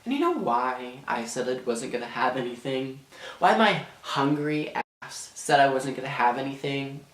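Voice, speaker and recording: In an echoey room, a teen boy vlogger rambles through a dramatic storytime packed with fillers. His mid-range male voice swings widely in pitch, runs at normal speed, and sounds a bit bright.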